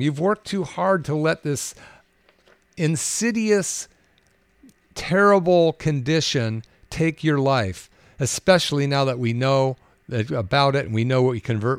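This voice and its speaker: A man's voice: mid-range voice, dry recording. A man who works as a doctor, talking casually on a podcast about his patients, with many fillers and restarts. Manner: conversational, anecdotal, with frequent fillers and restarts. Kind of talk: casual podcast talk, telling patient stories.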